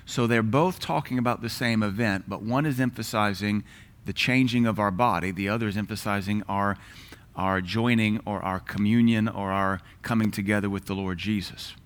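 A man teaching a Bible class in an earnest, emphatic way, slowing down and lifting his voice to read scripture aloud. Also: on the low side. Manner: earnest, emphatic, slows and lifts his voice when reading scripture.

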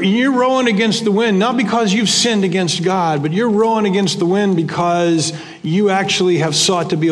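Older guy pastor preaching, kinda high voice, repeats himself for emphasis, long church echo. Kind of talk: sermon. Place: church sanctuary.

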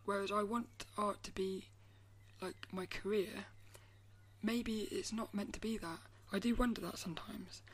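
A woman hosting a solo podcast, talking in a thoughtful, musing way and often trailing off into soft, near-whispered asides. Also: medium pitch, fairly even intonation, unhurried, husky. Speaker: podcast host. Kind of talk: reflective solo podcast talk.

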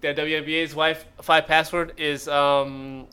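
A man's voice: fairly high pitch, little pitch movement, measured pace, bright, forceful tone, smooth. A man co-hosting a comedy podcast, rambling through an improvised story with lots of fillers and quoted character bits. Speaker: podcast co-host.

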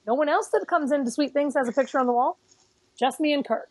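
A woman with a high, light voice chats as a podcast co-host. She tells her stories with lively, mock-boastful flair. The sound is close and dry, with no room around it. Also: fast, no room sound. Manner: animated, playfully boastful storyteller. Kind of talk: casual chat.

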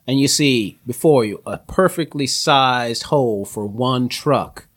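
A man's voice: medium pitch, a little slow. A man with a Southern US accent, running a tabletop game as game master and narrating scenes in a rambling way. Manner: rambling, restarts mid-description.

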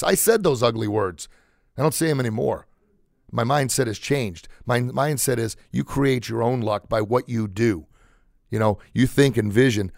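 Man, gravelly voice, dry close sound, emphatic motivational talk, repeats key points. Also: medium pitch, lively intonation, normal speed, no room sound. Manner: emphatic, repetitive, conversational. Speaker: podcast host, motivational speaker.

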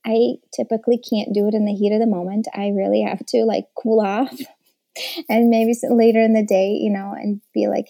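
A woman's voice: mid-range voice, flat delivery, moderate pace, gravelly. A woman giving casual, encouraging parenting advice, full of fillers and little acted-out examples. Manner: warm encouraging, many fillers.

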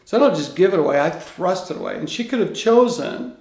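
A man guest in an interview, a coach speaking in an earnest, animated storytelling way. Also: high-pitched, brisk. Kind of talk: conversational interview. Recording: echoey room.

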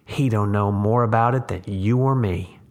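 A man's voice: on the low side, moderate pace, a little mellow, lightly acted. A man voicing a scheming young one-armed drifter with a firm, nasal drawl and a solemn, preachy way of talking.

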